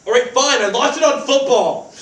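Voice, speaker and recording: A young male student actor playing a man who fakes a low, clipped assassin voice on a theater stage. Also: normal speed. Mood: sheepish. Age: young adult. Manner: low clipped deadpan menace. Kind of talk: live stage reading. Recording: echoey theater from far off, faint noise.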